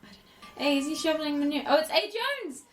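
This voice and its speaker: A woman's voice: sits high, lively intonation, a little fast, echoey room, faint music behind. A woman co-hosting a podcast, chatting casually while watching a film, teasing and swearing freely. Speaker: podcast co-host.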